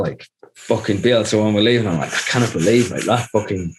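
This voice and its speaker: A man's voice: lowish voice, fast talker. A man telling a long, rambling story in casual chat, swearing constantly and laughing as he goes. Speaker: podcast guest.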